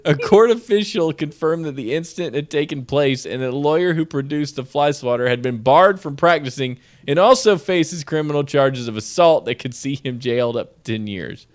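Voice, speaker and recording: A man co-hosts a casual stream show with a slightly high voice. His delivery is lively, with pitch swinging widely as he reads odd news and chats. He laughs often mid-sentence. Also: moderate pace, hardly any pauses. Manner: laughs often while reading, animated. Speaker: co-host.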